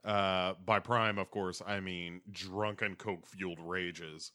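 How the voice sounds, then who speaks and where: A man chatting casually as a podcast co-host, recapping a TV episode and slipping into quick character impressions. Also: sits low, steady tone, bright, forceful tone.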